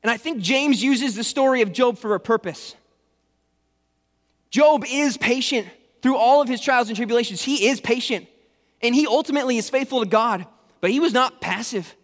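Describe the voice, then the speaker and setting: A man's voice: extremely high pitch, normal speed. A man preaching a casual, conversational sermon, retelling a story with joking asides in a large hall. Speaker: pastor. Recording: reverberant hall.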